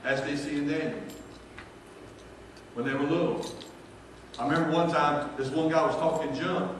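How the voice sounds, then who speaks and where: A man's voice: fairly high pitch, fairly even intonation, normal speed, a little hiss or hum. A male pastor, telling folksy, joking stories in a sermon. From North Carolina, US. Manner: folksy, jokey, builds to shouted praise. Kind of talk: storytelling sermon. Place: large church sanctuary. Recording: echoey church hall from far off.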